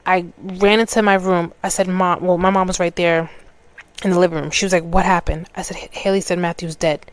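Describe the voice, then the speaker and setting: A woman's voice: fairly low pitch, flat delivery, brisk, clean tone, dry recording. A woman, hosting a podcast and telling a personal story in a loose, conversational way, restarting her sentences and acting out what people said. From New York. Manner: conversational, restarts mid-sentence, acts out quoted dialogue. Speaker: podcast host.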